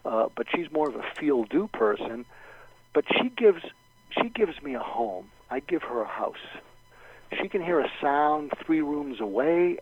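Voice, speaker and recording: Through muffled, low-fidelity radio audio with no echo, a man with a slightly rough voice offers advice on a talk show. He walks through it step by step, performing example lines of dialogue as he goes.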